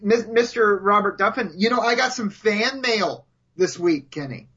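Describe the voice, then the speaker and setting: A man's voice: high voice, normal speed, sharp tone, husky. A man co-hosting a comedic podcast, rambling and stammering with many repeated words. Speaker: podcast co-host. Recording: dull lo-fi audio.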